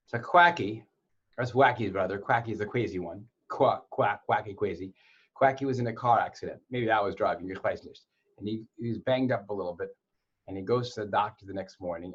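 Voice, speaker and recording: A man's voice: lowish voice, husky. A man teaching a casual online Torah class to boys, telling jokes and stories in a playful way. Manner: playful joke-telling storyteller. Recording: dull lo-fi sound.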